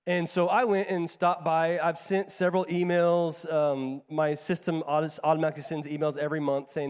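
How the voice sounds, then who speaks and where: A man's voice: a little high, flat delivery, moderate pace, few pauses, clean tone. A man pastor telling a story in a sermon, talking in a conversational, folksy way and often repeating words. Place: church sanctuary. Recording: echoey church hall.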